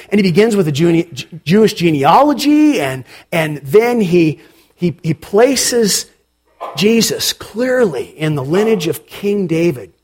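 A man preaching a sermon as pastor, animated and dramatic, with sudden emphatic lines. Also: fairly high pitch, breathy edge.

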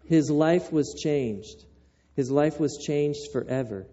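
A man preaching a sermon as pastor, telling the story in a conversational, animated way, on a dull lo-fi recording. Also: fairly high pitch, slow pace.

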